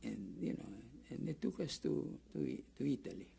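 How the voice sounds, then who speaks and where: A man's voice: medium pitch, very animated, normal speed, creaky, mellow, slightly rough. An older man with a Greek accent giving an oral history interview, rambling through a story with restarts and acting out the people he quotes. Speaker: interviewee, camp survivor.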